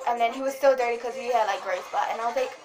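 High-pitched young woman rambling on her vlog, says "like" a lot, music going behind her. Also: very fast. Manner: excitable, rambling, lots of "like". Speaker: vlogger. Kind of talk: casual vlog chat.

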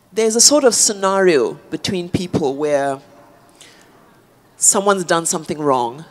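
A woman, an author, speaking thoughtfully in a public on-stage conversation, with many fillers and restarts. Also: low-pitched. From South Africa. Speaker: author guest.

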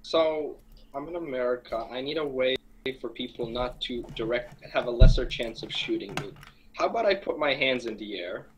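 A man's voice: medium pitch, animated, normal speed. Stammering young man with a noisy mic. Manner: hesitant, stammers and swears. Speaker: player. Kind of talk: casual tabletop game chat. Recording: clear background noise on the line.

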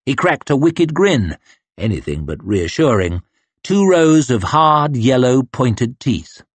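A man's voice: mid-range voice, very animated, slow, slightly rough, dry recording. A man narrating an audiobook in a tense, dramatic reading style. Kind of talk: scripted narration.

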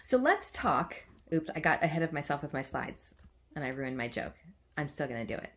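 Lively low-voiced woman teaching poetic meter. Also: moderate pace. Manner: chants stressed beats aloud while teaching meter; playful, self-mocking asides. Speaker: writing workshop teacher. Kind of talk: online writing lesson.

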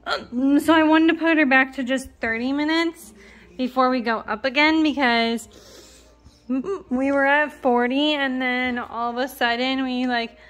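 A young woman with a slightly high voice talks through a casual home vlog update. She rambles and corrects herself as she goes, filling gaps with ums and likes, and has the hiccups. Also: fairly even intonation, a little slow, a bit bright, faint music behind. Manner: rambling, filler-heavy, self-correcting. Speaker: parent vlogger.

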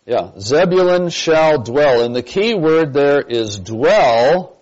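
A man's voice: a little high, expressive, slow, darkish tone. A man teaching a church Bible class, stressing key points and quizzing his listeners with questions. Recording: dull lo-fi recording.

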